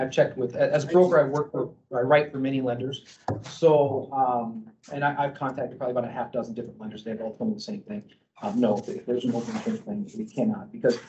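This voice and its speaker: A middle-aged mortgage broker gives a casual presentation to a group, speaking loudly at medium pitch. He rambles with plenty of fillers and restarts and keeps checking in with "okay?". The sound is lo-fi with a little hiss or hum.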